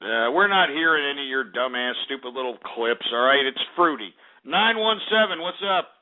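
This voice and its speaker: A man's voice: mid-range voice, animated, moderate pace. A man hosting a call-in radio show, abrasive and profane, ranting at callers over tinny phone-like audio.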